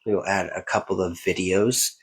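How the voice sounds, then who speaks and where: Man in his thirties, low voice, husky, rambling and candid, casual podcast chat. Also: steady tone, moderate pace, poor audio. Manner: rambling, candid and self-reflective. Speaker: podcast co-host.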